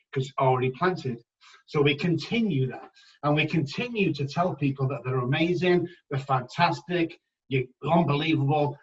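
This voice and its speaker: A man with a fairly high voice talks as a podcast guest, leaning hard into his stories and repeating key lines for weight. He sounds a little off-mic, and the recording has a muffled, dull edge. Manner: emphatic, animated anecdotes. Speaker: guest addiction specialist. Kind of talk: podcast interview storytelling. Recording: slightly dull, distant mic.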